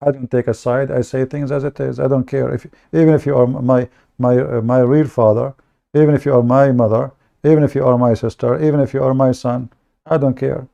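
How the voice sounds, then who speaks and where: A man from the Middle East speaks English with an Arabic accent, his voice low and gravelly with a dark, mellow tone. He talks bluntly and jokes at his own expense, often stumbling over and repeating words in a casual livestream monologue. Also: fairly even intonation, brisk, lo-fi sound. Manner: blunt, joking, self-mocking, repeats words. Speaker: online debate show host.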